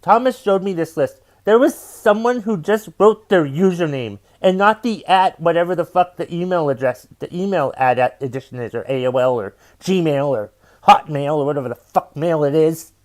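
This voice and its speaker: A man's voice: fairly high pitch, lively intonation, moderate pace. A man who hosts his own podcast as a stand-up comedian, ranting in an exasperated, profane way and repeating his refrains. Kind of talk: comedic rant.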